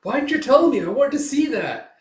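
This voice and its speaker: A man doing a squealing excitable young woman. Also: brisk, echoey room. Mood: excited. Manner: high, loud, squealing delivery.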